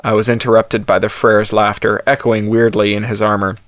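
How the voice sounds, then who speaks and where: A man's voice: on the low side, level tone, a little fast, few pauses, a bit bright, no room sound. Wry male storyteller, dry recording. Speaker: audiobook narrator. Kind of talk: scripted first-person story narration.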